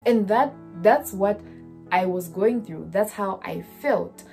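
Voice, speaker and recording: A woman's voice: medium pitch, expressive, slow pace, gravelly, darkish tone, soft background music. A woman in her twenties telling a personal story in a vlog, earnest and often checking in with the listener. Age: 20s. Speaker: student vlogger.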